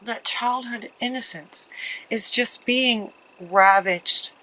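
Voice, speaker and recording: Slow, earnest woman reading tarot. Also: a little high, a little hiss or hum, low-quality recording. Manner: slow, meandering and earnest, with soft sighs and laughs. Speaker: tarot reader. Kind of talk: spiritual tarot reading to camera.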